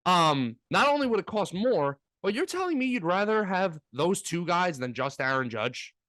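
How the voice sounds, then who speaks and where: A man's voice: sits high, sing-song, normal speed, fairly bright tone, no room sound. A man co-hosting a casual sports talk podcast, ranting with energy and mocking fans in put-on voices.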